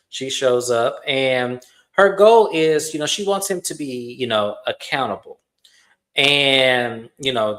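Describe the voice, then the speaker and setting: Animated man recapping reality TV. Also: mid-range voice. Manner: animated, acts out quotes, swears freely. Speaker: reality TV reviewer. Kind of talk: casual recap commentary.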